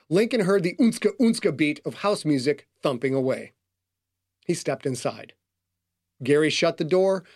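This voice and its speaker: A man giving scripted audiobook narration in a dry, matter-of-fact way. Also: on the high side.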